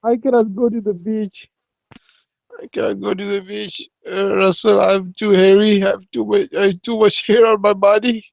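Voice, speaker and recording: A man's voice: high-pitched, little pitch movement, moderate pace, gravelly, no room sound, lo-fi sound. A man voicing a whiny, self-pitying hairy man character who talks in a plaintive way and repeats his words. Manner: plaintive, repeats words, addresses others as buddy.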